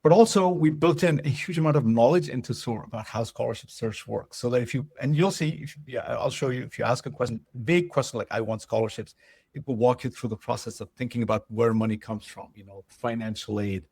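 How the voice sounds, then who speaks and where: A man's voice: mid-range voice, a little fast, a little mellow, husky, dry recording. A man presenting a webinar, talking loosely with lots of fillers and asking if things make sense. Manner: loose and conversational, many fillers and checks for understanding. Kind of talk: casual webinar talk.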